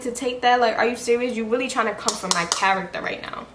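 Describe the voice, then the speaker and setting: A woman's voice: fairly high pitch, fast, few pauses, a bit bright. A young woman beauty vlogger telling a story in a heated, blunt, profane way while getting ready. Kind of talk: get-ready-with-me storytime chat. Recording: echoey room, faint background hiss.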